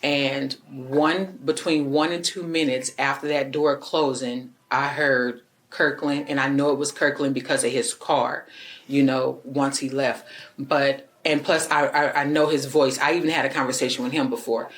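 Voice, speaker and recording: A woman neighbor giving a halting, hesitant account to police in an interview room. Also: very deep voice, fairly even intonation. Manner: hesitant, halting retelling with fillers. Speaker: witness, neighbor.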